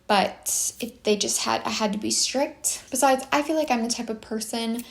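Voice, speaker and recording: A woman's voice: a little high, normal speed, creaky. A young woman hosting a casual perfume vlog, chatty and rambling with many restarts, a little out of breath. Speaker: perfume channel host.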